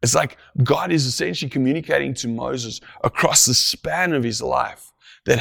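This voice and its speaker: A man preaching a sermon, slow and deliberate, dropping to a hushed whisper to stress key phrases. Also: medium pitch, vocal fry. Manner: slow, deliberate, drops to a hush for emphasis.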